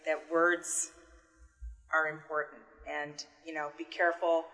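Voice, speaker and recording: A woman's voice: low voice, flat delivery, unhurried, bright, forceful tone, long reverb tail. A woman co-hosting a casual chat show, talking earnestly and giving parenting advice. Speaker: co-host.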